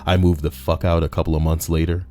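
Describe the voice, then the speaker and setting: A man's voice: rumbling low, level tone, quick pace, mellow, no echo. A man reading stories aloud and breaking off into mocking, profane rants at the writer and the listener. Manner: brash, mocking, profane rants between read passages. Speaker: story reader and commentator.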